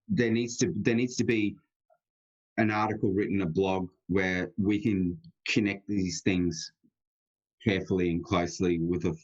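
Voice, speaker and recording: A man with an Australian accent, a guest on a live online show, talking earnestly and emphatically. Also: deep voice. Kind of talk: casual live-stream chat. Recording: dull lo-fi sound.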